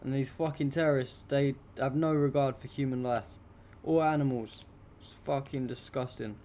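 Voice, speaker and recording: A man's voice: medium pitch, steady tone, moderate pace, dark tone. A young adult man hosting a live stream, commenting on news pictures in an indignant, rambling, heavily profane way.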